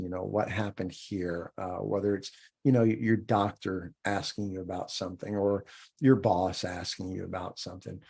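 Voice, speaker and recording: A man's voice: fairly low pitch, gravelly, darkish tone. A man hosting a podcast and teaching self-defense, talking through casual advice in an emphatic way, often checking in with "right?". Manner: emphatic, repeats key points, frequent "right?".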